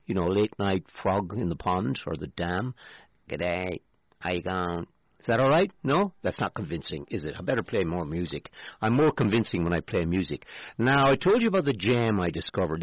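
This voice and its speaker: A man's voice: deep voice, breathy edge, no room sound. A man with an Irish accent hosting a radio show, chatting casually between songs with jokey, self-mocking asides. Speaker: radio host. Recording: dull lo-fi radio sound.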